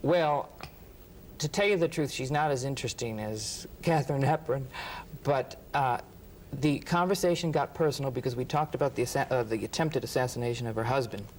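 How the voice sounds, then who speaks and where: Animated male storyteller, mid pitch. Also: brisk, slight background noise, low-quality recording. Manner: animated, acts out quotes, laughs often. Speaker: interview guest, writer. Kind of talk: anecdotal storytelling.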